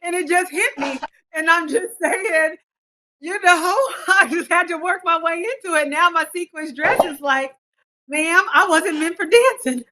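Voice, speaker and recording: A woman's voice: very high voice, normal speed, sharp tone, poor audio. A woman fitness instructor joining a video call as a guest, joking and laughing in playful banter.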